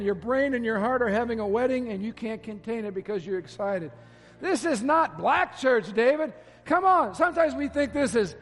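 A man's voice: very high-pitched, lively intonation, normal speed. A man pastor preaching an impassioned sermon with a worship band behind him. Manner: impassioned, builds from quiet to shouting. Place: large church hall with worship band. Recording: live church hall with reverb and band music.

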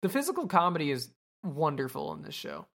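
A woman's voice: sits low, wildly swooping pitch, fairly quick. A woman podcast host casually recapping an anime episode, rambling and swearing with lots of fillers.

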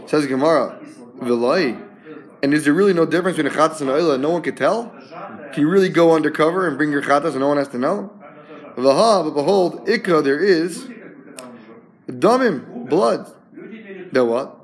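A man leads a Talmud class, his voice sitting a little high. He explains with rhetorical questions, repeats words as he goes, and translates each Hebrew term for his students. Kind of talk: lively Talmud class teaching.

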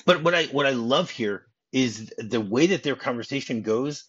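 A man's voice: mid-range voice, expressive, normal speed, fairly bright tone, breathy edge. A man guest on a podcast, casually recapping a film scene in detail with lots of "you know". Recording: dull lo-fi podcast audio.

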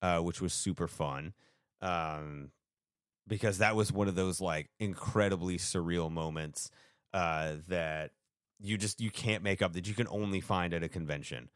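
A man's voice: deep voice, unhurried, a bit bright, smooth, dry recording, clean studio sound. A man co-hosting a podcast, telling a story in casual chat, full of fillers and acted-out quotes. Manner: rambling storyteller, acts out quotes, many fillers. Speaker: podcast co-host.

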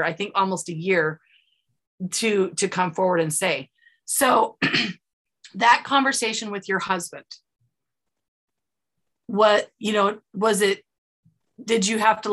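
A woman podcast host with a bright, forward voice. She talks in a chatty, supportive way and leads the conversation with questions. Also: medium pitch. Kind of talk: conversational interview.

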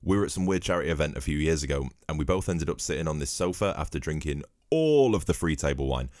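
A man's voice: extremely low pitch, expressive, fast talker, a little mellow, no echo, clean studio sound. A man hosting his own podcast, telling rambling, cheeky, profane stories while he drinks at his home microphone. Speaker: podcast host. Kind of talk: comedic podcast monologue.

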